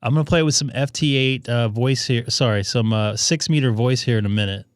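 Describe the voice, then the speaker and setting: A man's voice: medium pitch, brisk, clean tone, no room sound, clean studio sound. A man hosting a ham radio live stream, chatting casually and thinking aloud with plenty of fillers.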